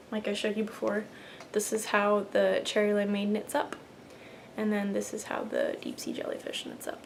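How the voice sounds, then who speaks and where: A woman's voice: medium pitch, a little hiss or hum. A young woman hosting a knitting video podcast, chatting casually while showing her work, rambling a little with fillers and restarts. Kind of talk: casual show-and-tell chat.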